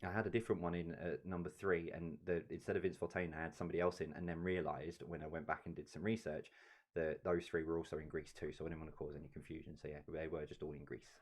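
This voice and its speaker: A man's voice: very deep voice, level tone, quick pace, a little mellow. A man hosting a live-streamed quiz, reading each question and its answer with offhand chatty asides. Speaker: quiz host.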